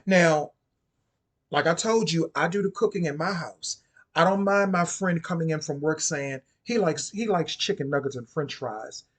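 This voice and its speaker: A man's voice: fairly high pitch, normal speed. A man giving casual spoken commentary on occult topics, sassy and chatty, often repeating and restarting his phrases.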